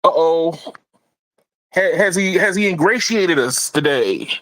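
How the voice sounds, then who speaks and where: A man hosting a casual tech podcast, animated, laughing often and repeating words as he talks. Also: on the high side, measured pace, no room sound, rough recording. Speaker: podcast host.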